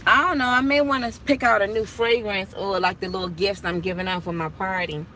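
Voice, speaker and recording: A young woman talks to her viewers from a parked car, rambling through stories and breaking into laughter. Her pitch sits in an ordinary middle range. Steady street noise carries in from outside. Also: a little fast. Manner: chatty, storytelling, laughs often. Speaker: vlogger and property manager. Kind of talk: casual live chat to viewers.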